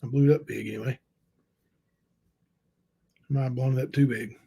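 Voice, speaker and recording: A male livestream host reading letters aloud and commenting on them, halting and unsure, with many fillers. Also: mid-range voice, fairly even intonation, creaky, warm tone, breathy edge.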